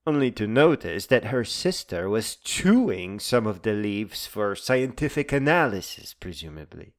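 A man reading a reflective, wry spoken essay in a musing, deliberate way. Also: lowish voice, very animated. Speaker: essay narrator. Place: Lake Michigan area.

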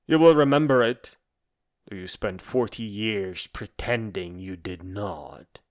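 A man voicing an embittered, proud, dying philosopher in a dramatic monologue, a letter read aloud with slow, measured, bitterly scornful declamation. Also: fairly low pitch, vocal fry.

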